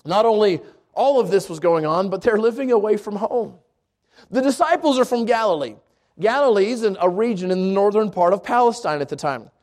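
High-voiced preacher giving an earnest sermon. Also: male voice, expressive, brisk, a little mellow. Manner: earnest, repeats words when restarting, rises to emphatic peaks. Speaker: pastor.

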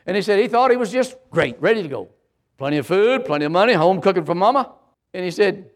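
Older preacher, emphatic cadence. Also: male voice, on the high side. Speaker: pastor. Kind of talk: sermon.

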